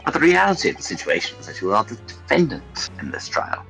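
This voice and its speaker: A man reads a polite young defense lawyer from a game, quick and lively in pitch with a lowish voice. Faint game music plays behind. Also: vocal fry, heavily acted, rough recording. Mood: earnest.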